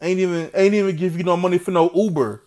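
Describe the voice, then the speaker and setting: A man's voice: sits high, fairly even intonation, fast talker, darkish tone. A young man ranting to camera as a boxing vlogger, mocking and full of slang. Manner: trash-talking, slangy, mocking.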